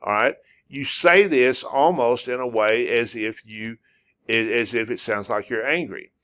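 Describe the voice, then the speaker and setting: A language teacher whose first language is English gives a relaxed spoken lesson in a middle-pitched voice. He slowly draws out and repeats single syllables, often pausing with "uh" as he searches for words.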